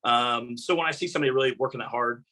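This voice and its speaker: A man's voice: medium pitch, fast, bright, forceful tone, low-quality recording. A man being interviewed as a guest, telling rambling anecdotes with many fillers in casual talk. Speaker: guest, motorsport announcer.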